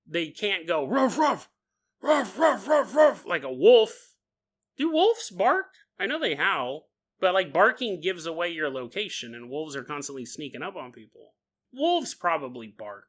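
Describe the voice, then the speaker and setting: A man's voice: high-pitched, bright, forceful tone. A man hosting a podcast, telling a story in a casual, jokey way with laughing asides and acted-out bits. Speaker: podcast host.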